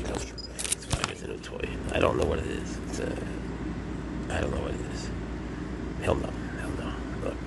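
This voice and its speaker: A man filming a casual vlog at home with his pets, muttering asides and breaking into excited baby talk with his cat. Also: on the low side, normal speed, vocal fry, heavy background noise. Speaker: pet vlogger. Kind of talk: casual handheld vlog narration.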